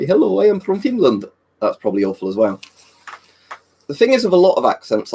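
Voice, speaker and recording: A man's voice: medium pitch, darkish tone, breathy edge. A man chatting casually on a live stream in a rambling, talkative way, answering viewers' questions and swearing now and then. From Britain.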